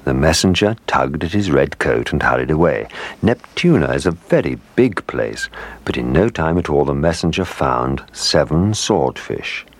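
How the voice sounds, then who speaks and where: A man narrating a children's story with expressive storytelling. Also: a bass voice, moderate pace.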